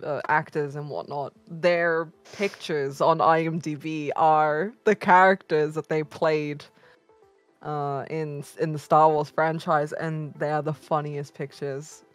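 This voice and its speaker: A woman with a low voice chatting slowly on a movie podcast, stretching her words out. She bursts into loud exclamations when excited, with faint music in the background. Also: dry recording. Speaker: podcast co-host. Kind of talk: casual movie podcast chat.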